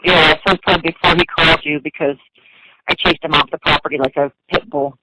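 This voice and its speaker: Man with a high voice, cursing and animated while telling a story, heavy noise behind him. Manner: profane, animated, quick to mimic others. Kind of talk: heated casual recounting. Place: office at a business. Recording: loud background noise.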